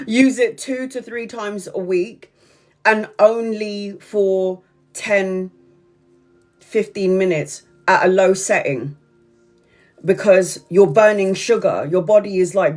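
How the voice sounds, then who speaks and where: A woman's voice: mid-range voice, a little slow, a little mellow, soft background music. A woman chatting to viewers on a livestream, telling a story in a rambling, repetitive way and swearing often. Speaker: tarot reader on a livestream. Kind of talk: casual livestream chat.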